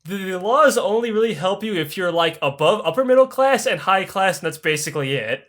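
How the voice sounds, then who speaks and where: A man's voice: sits high, fairly quick. A man hosting a podcast, telling history as comedy with crude jokes and lots of swearing. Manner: crude, animated, swearing freely. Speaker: podcast host.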